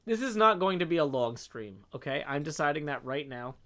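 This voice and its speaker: A man's voice: on the high side, lively intonation, a little fast, no room sound. Tired man muttering through a game stream. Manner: talks to himself, reads chat aloud, soft muttered asides. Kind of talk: casual live game-stream commentary.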